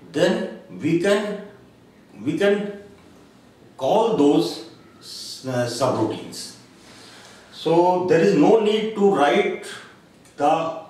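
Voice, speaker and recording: A man delivers a recorded lecture slowly and deliberately, pausing often and filling gaps with hesitations. His voice sits fairly high. The recording is very echoey, with the speaker well away from the mic and faint noise underneath. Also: a little mellow. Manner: slow, deliberate explaining with frequent pauses and uh fillers. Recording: very echoey room, voice from a distance, faint background noise.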